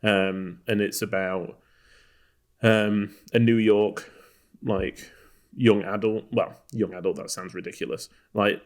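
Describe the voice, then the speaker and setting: A man from Texas co-hosting a casual film podcast. His voice sits a little on the low side. He meanders through his points, full of "um" and "like", and keeps restarting his sentences. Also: fairly even intonation, slow. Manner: rambling, many fillers and restarts. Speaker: podcast co-host.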